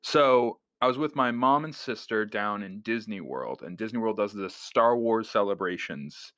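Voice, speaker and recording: A man's voice: lowish voice, moderate pace, dry recording. A young man in his twenties, a podcast co-host, telling a story in casual chat, full of fillers and acted-out quotes. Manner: animated storyteller, many fillers, acts out quoted voices.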